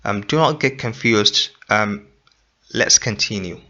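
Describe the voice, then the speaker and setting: Male English teacher, bright, forceful tone, repeats and quizzes students, lo-fi audio. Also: lowish voice, unhurried. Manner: repeats points and quizzes listener ("In what?"). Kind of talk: explaining grammar lesson. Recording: dull lo-fi recording.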